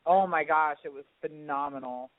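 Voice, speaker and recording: A man's voice: on the high side, moderate pace, no echo. A man co-hosting a radio talk show, giving agreeable, supportive reactions in casual chat. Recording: tinny phone-like radio sound, dry.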